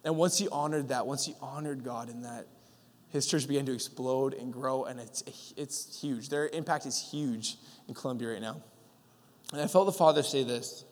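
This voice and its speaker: A young man giving a sermon in a relaxed, storytelling way, full of fillers and acted-out lines. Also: mid-range voice, normal speed. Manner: casual storytelling with fillers, acting out God's voice. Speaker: pastor. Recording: long hall reverb.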